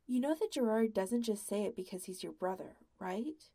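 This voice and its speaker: A woman voicing a gentle young man who reassures his bandmate, soft-spoken and low, in a read-aloud story. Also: lively intonation, normal speed. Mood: tender.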